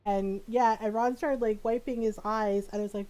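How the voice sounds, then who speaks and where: A woman's voice: a little high, fairly quick, hardly any pauses, dark tone, low-quality recording. A woman streamer chatting casually and affectionately while playing a game, laughing often.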